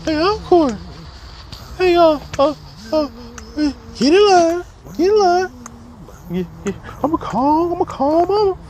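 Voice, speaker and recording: A man voicing a gruff chain-smoking older male schoolteacher, barking the same phrases over and over in a squeaky, dead-serious way. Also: expressive, slow, long pauses, a little mellow, slight background noise, heavily acted. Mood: bossy.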